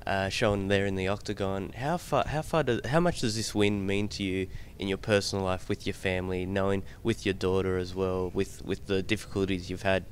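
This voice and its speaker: A man asking questions as a reporter at a press interview, halting and repeating words as he builds a question. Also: low voice, steady tone, slight background noise.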